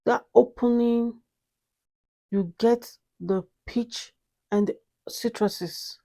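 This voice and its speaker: A fragrance reviewer in a casual vlog, her voice a little high, extremely slow, and dark with vocal fry. She gushes over a perfume, repeating herself and piling on exclamations.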